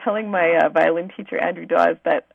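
A woman's voice: on the low side, steady tone, a little fast, creaky, no echo, narrow, tinny audio. A woman from Manitoba, Canada, a musician guest, telling stories in an effusive, chatty way. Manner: effusive, bubbly storytelling. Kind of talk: casual interview chat.

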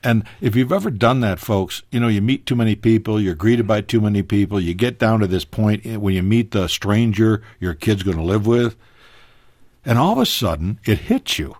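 A man telling a personal story as a guest on a radio talk show, animated, his voice leaping higher at emotional moments. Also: normal speed, no room sound, studio quality. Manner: animated, pitch jumping high in emotional moments.

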